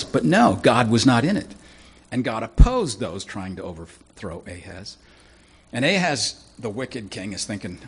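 A man preaching a sermon, reading scripture verse by verse and explaining it in a casual, conversational way, clearing his throat now and then. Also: on the low side, sing-song, normal speed. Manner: teaching through scripture verse by verse, conversational asides.

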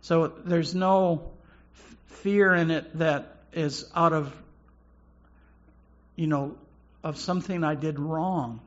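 A man preaching a sermon slowly and haltingly, often repeating words as he goes. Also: on the high side, fairly even intonation, muffled recording. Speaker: pastor.

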